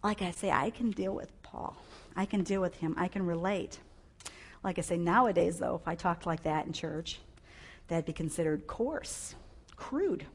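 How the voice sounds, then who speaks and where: A woman preaching a sermon on a clip-on mic, animated and emphatic, with sudden loud bursts. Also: on the low side, a little slow, long pauses.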